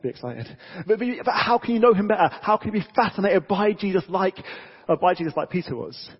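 A man preaching a casual, lively sermon to a church congregation, talking conversationally with frequent restarts. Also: high-pitched, fast talker, breathy edge. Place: church hall. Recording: dull reverberant church audio.

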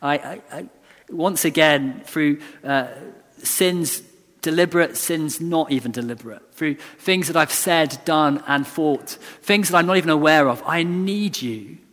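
A man's voice: fairly high pitch, measured pace, fairly bright tone. A man preaching a sermon in an earnest, conversational way, often restarting and repeating lines for emphasis. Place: church. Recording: long church reverb.

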